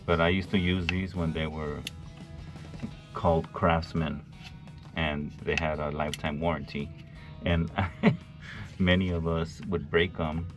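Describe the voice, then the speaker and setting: A man, an HVAC technician, chatting wryly to the camera while he works on a job site. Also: rumbling low. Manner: chatty, wry, talking to the camera while working. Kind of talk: casual on-the-job vlog.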